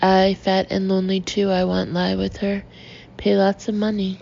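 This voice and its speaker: A woman's voice: mid-range voice, monotone, moderate pace, creaky, warm tone, slight background noise, lightly acted. A woman voicing a man who fakes a German accent in broken English, blurting his lines, on a dull lo-fi recording. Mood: pushy. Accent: fake German. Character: man faking a German tourist.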